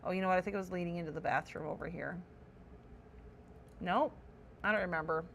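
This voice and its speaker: A woman's voice: fairly low pitch, fairly even intonation, fairly quick, gravelly, a bit bright, slight background noise. A woman streaming casual commentary while touring a player-built game house, chatty and full of wonder, correcting herself as she goes.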